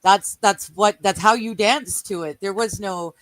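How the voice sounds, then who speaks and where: A woman in her forties, chatting casually as co-host, relaxed, laughing often and giving short replies. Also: medium pitch, a little slow, no echo, rough recording. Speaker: livestream co-host. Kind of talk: casual chat.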